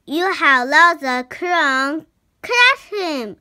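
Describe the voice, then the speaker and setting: A child reader voicing an urgent young boy king in a storybook, read slowly and pitching up on the shouted lines. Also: animated, exaggerated voice.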